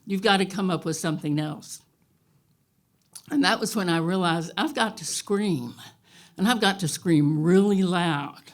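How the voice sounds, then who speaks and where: A woman telling a true story on stage to a live audience, wry and unhurried, often chuckling. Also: fairly low pitch.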